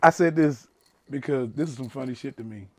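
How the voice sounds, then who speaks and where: A man's voice: mid-range voice, fairly quick, darkish tone. A man hosting a casual interview, laid-back and joking crudely. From Louisiana. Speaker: host.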